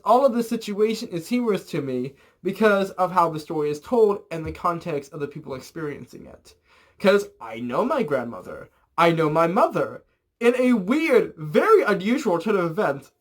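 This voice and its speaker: High-voiced young man rambling a story. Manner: rambling, filler-heavy, animated storytelling with swearing. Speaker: vlogger. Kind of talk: casual storytime vlog.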